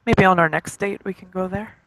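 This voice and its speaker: A man's voice: sits high, steady tone, fairly quick, a bit bright, poor audio. A man voicing a shy, smitten young woman on a date in a tabletop game, speaking hesitantly. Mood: shyly hopeful.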